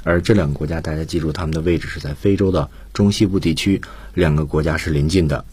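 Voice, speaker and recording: Man, radio language teacher, deep voice, husky, patient explanations. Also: fast, darkish tone. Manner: patient, stresses key phrases. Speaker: radio English teacher, co-host. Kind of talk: explaining vocabulary to students.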